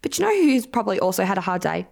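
A woman co-hosting a podcast, emphatic and playful, quick to agree with her friend. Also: medium pitch, big pitch swings, gravelly, darkish tone. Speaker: podcast co-host. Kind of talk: casual chat.

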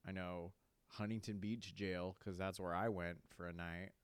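A man's voice: low voice, steady tone, a little slow, smooth, dry recording. A young man, hosting a podcast and telling rambling stories, swearing and saying "like" a lot. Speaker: podcast host. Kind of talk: casual storytelling monologue.

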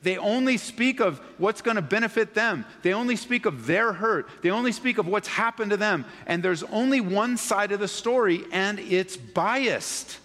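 A man's voice: high-pitched, animated, moderate pace, few pauses, a bit bright, in a large hall. A man preaching a sermon as pastor, emphatic, repeating key phrases and asking the congregation rhetorical questions. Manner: addresses the congregation directly.

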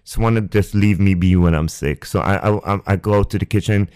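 A young man hosting a podcast, telling a personal story on a close microphone in a halting, rambling way, with restarts and swearing. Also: low voice, fairly even intonation, darkish tone, smooth. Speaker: podcast host. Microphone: close ASMR microphone.

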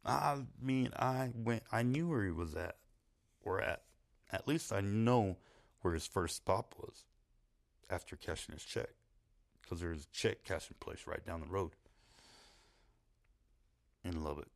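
A man's voice: deep voice, lively intonation, unhurried, creaky, long pauses. A man telling a rambling, profane story about a friend, swearing freely and chuckling at himself. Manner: rambling, swearing, laughing at his own story.

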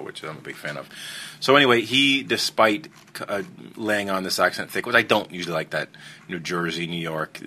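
A man's voice: deep voice, bright, forceful tone. A man hosting a podcast, casually reviewing a film in a rambling, enthusiastic way with many fillers and restarts.

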